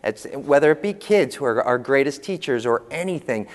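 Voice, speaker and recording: A man telling humorous, animated parenting stories to an audience as a panel speaker. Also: mid-range voice, moderate pace. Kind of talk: storytelling talk to an audience. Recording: long hall reverb.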